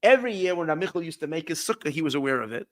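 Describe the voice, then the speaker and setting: A rabbi tells a story in a somewhat high, bright, forceful voice, starting over and repeating words as he goes. His voice is dry and close, and he drops Yiddish words into the telling. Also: animated, no room sound. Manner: halting, repeats words and restarts often. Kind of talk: storytelling talk.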